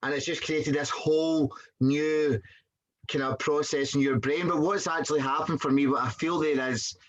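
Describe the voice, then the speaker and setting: A man's voice: a little high, fairly even intonation, normal speed. Guy explaining stuff earnestly, kinda muffled lo-fi sound. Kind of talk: reflective commentary.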